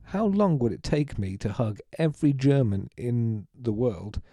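A man's voice: mid-range voice, very animated, unhurried, mellow, no room sound. A man co-hosting a podcast, chatting in a rambling, self-mocking, jokey way. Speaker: podcast co-host. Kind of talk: casual chat.

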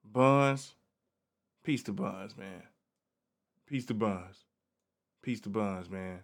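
Male podcast host, relaxed and slangy, talking casually on his own, a bit low in pitch. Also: drawn-out words. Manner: laid-back and slangy, peppers talk with "man". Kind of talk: casual solo podcast talk.

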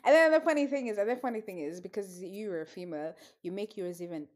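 A young woman chats on a podcast in a middling voice. She teases her co-host playfully and laughs often, keeping the talk relaxed and easy. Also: mid-range voice, quick pace. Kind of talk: casual chat.

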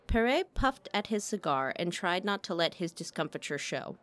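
A woman narrating a short story in a measured, expressive reading. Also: on the low side, no echo. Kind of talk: audiobook narration.

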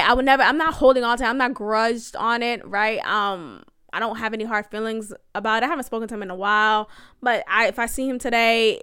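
A woman's voice: on the high side, pushed and bright, smooth, dry recording. A young woman hosting a podcast, telling a personal story in a chatty way, often laughing and talking straight to her listeners. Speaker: podcast host. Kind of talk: casual storytelling monologue.

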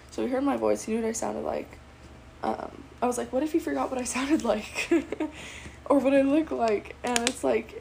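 A woman's voice: on the high side, gravelly, darkish tone, slight background noise, low-quality recording. A teenage girl casually telling a personal story, chatty and bubbly, full of fillers and quoted dialogue.

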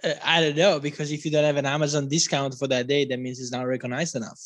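A woman's voice: a bass voice, level tone, quick pace, no room sound. A woman co-hosting a podcast, answering her friend with dry teasing remarks. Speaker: podcast co-host. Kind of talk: casual chat.

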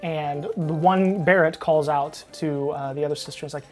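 Woman game master, low voice, relaxed, halting delivery. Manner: relaxed, hesitant with fillers. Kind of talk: narrating a tabletop game.

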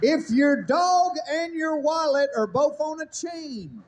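A man's voice: extremely high pitch, lively intonation, takes it slowly, slight background noise. A man doing stand-up comedy on stage, delivering a punchy list of one-liners that keep returning to the same tag line. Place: comedy stage with a live audience.

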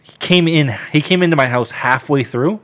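A man's voice: fairly high pitch, normal speed. A man on a podcast casually telling a long story, swearing freely and acting out what people said. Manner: animated, swears freely, acts out dialogue.

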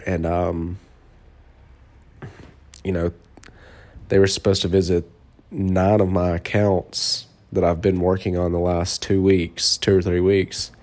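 A man in his twenties, a beer sales rep, casually telling stories in a rambling way, sleep deprived and swearing now and then. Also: low voice. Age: 20s. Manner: rambling, swearing, excitable when retelling. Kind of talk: casual storytelling vlog.

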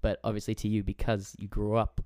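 A man's voice: lowish voice, completely flat delivery, a little fast, mellow, smooth, no echo, clean studio sound. A young man with an English accent, chatting casually on a podcast. He swears freely and laughs easily. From England. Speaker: podcast host. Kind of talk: casual chat.

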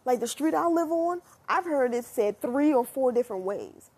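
A young American woman with a high-pitched, airy, slightly husky voice talks straight to camera as a vlogger. At normal speed, her loose, chatty monologue drifts between musing and animated asides, with the odd swear word.

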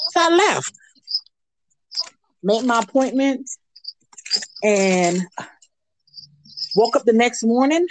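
A woman guest on a radio show, telling a candid personal story in a lively way and acting out the voices she quotes. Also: high voice, moderate pace, pauses often.

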